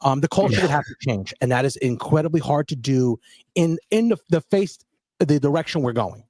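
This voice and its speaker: Thoughtful podcast host, slightly high voice. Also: male voice, lively intonation, a little mellow, dry recording, studio quality. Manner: thoughtful, praising, measured. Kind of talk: casual interview.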